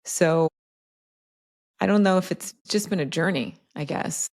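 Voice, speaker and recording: A woman with a low voice and a gravelly, fry-laden edge speaks as a podcast guest. She tells personal stories in a reflective, unhurried conversational way, leaning on "like" and "right?" as she thinks aloud. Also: darkish tone. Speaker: podcast guest, health coach. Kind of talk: casual conversational interview.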